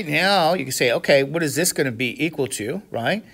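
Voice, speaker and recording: A man teaching a classroom lecture who keeps asking the class questions to check they follow, with sudden animated exclamations. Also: a little high, moderate pace, creaky, a little hiss or hum. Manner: asks the class frequent questions, checking understanding. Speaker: math instructor.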